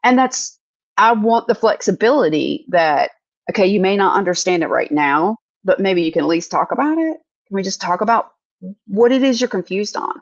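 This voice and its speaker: A woman's voice: medium pitch, lively intonation, normal speed, dry recording. Earnest woman, dull dry sound. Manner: earnest, storytelling with acted-out quotes. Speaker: podcast co-host. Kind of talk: casual chat.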